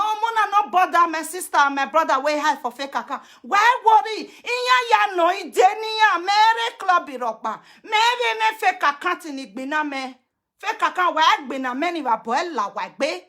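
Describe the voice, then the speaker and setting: A high-pitched Nigerian woman rants confrontationally into her camera, switching between English, Pidgin and chanted lines. Her voice is bright and piercing, and she hammers her points with repetition. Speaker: social media personality. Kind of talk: ranting social media video.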